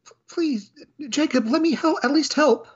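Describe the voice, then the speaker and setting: A man voicing a clumsy young maid in a high falsetto, stammering and apologetic, on a dull recording. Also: normal speed. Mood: flustered. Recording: dull lo-fi audio.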